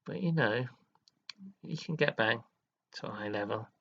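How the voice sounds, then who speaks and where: With the highs cut off, a medium-pitched, gravelly and fairly bright male voice speaks at a moderate pace with lively intonation. The live streamer delivers a dramatic, earnest monologue to his viewers, alternating scolding with praise and bursting into sudden laughs and sighs.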